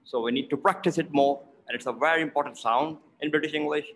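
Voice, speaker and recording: A man teaching pronunciation, explaining slowly and repeating words aloud to model each sound. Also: a little high, fairly bright tone, a little hiss or hum, poor audio.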